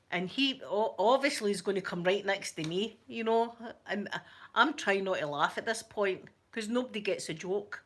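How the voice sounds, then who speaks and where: A Scottish woman telling a story to her viewers, chatty and rambling, with many stammering restarts. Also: medium pitch. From Scotland. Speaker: channel host.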